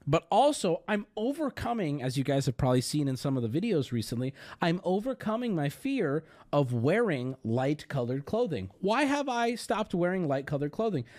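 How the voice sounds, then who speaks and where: A man telling a story on his stream as a profane, self-mocking rant, getting heated as it goes. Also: high-pitched.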